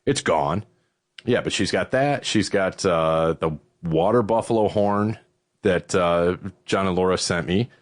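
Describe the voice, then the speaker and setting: A middle-aged man from Western New York hosting a podcast, telling stories in a casual, profane way while out of breath. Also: unhurried. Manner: profane, animated storytelling with swooping pitch. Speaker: podcast host. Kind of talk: casual chat.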